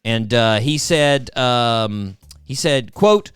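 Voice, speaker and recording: Guy hosting a podcast, sarcastic, voice jumps all over, smooth and clear. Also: medium pitch, expressive, takes it slowly, no room sound, faint music behind. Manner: wry, sarcastic, keeps addressing his co-host. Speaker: podcast host. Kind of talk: casual chat.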